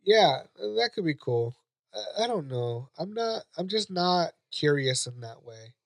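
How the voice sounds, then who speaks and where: A man's voice: a little high, big pitch swings, a little slow, gravelly. A man co-hosting a podcast in casual chat, rambling and hesitant with many restarts. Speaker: podcast co-host.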